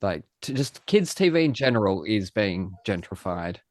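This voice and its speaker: A man's voice: fairly low pitch, very animated, normal speed, a little mellow, dry recording. An Australian-raised man co-hosts a podcast in a joking, self-deprecating way. He swears casually and sounds close and dry. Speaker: podcast co-host.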